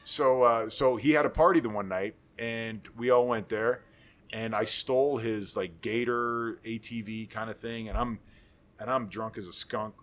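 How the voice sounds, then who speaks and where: A man's voice: mid-range voice, steady tone, moderate pace, a bit bright. A former football lineman in his forties telling rambling, profane stories in casual chat. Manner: profane, rambling, boisterous storyteller. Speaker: podcast guest, former pro football lineman.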